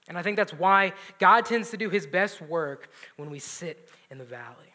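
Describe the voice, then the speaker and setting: A man preaching a sermon, swinging between loud emphatic lines and hushed, near-whispered asides. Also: high voice, expressive, moderate pace, hardly any pauses. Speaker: pastor.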